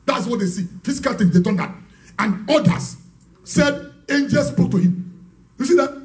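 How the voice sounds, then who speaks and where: A fervent male pastor with a notably high voice that swings between shouted declarations and calmer scripture reading. He breaks into tongues mid-prayer, and faint music sits underneath him. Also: normal speed, low-quality recording.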